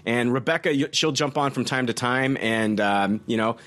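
A man hosting a podcast, talking eagerly in casual chat with halting restarts. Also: mid-range voice, a bit bright. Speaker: podcast host.

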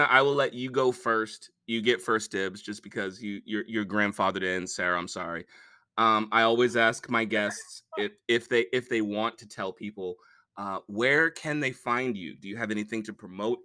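A man's voice: fairly low pitch, moderate pace, sharp tone. A man hosting a podcast, chatting casually in a rambling, jokey way with many fillers. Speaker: podcast host. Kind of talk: casual chat.

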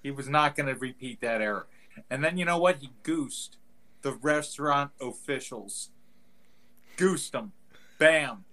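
A man's voice: medium pitch, unhurried, long pauses, bright, forceful tone. A man co-hosting a casual comedy podcast, riffing on the stories with jokey voices and laughs. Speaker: podcast co-host.

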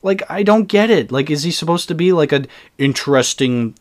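A man's voice: a little high, animated, normal speed. A man giving a casual, exasperated movie review, sarcastic and full of "like" fillers.

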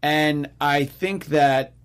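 A man's voice: a little high, very slow, clean tone. A man co-hosting a casual political talk, wry and sarcastic, rambling with many fillers and restarts.

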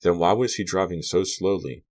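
A male narrator with an exceptionally deep, low voice reads a teen horror novel aloud. He delivers it as steady scripted audiobook narration and shifts his voice a little for each character's lines. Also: moderate pace.

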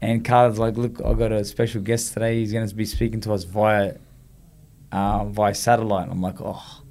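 Animated Australian man telling stories. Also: on the low side, moderate pace. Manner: animated, acts out quoted dialogue, frequent "you know". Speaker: guest. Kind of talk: casual storytelling in conversation.

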